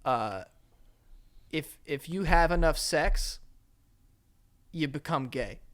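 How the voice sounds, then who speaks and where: Male podcast co-host, casual banter, animated delivery, voice rises and falls a lot, slightly high-pitched. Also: takes it slowly. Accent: New York. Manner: animated, laughs often, swears. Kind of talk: casual chat.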